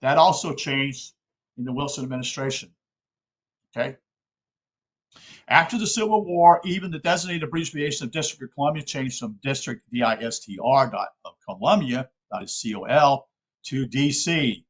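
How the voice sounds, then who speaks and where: Speaking at a normal speed with lively intonation and a medium pitch, this South Carolina man delivers an informal, earnest lecture. He calls his listeners "folks" and keeps checking in with them, often asking "okay?" The recording is rough.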